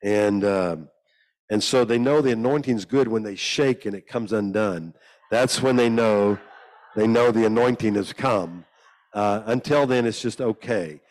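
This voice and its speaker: A man's voice: a little slow, a little mellow. A man preaching a sermon as a storyteller, joking and acting out the people in his tales. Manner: humorous, acts out the people he quotes in higher voices. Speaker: guest preacher. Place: church hall.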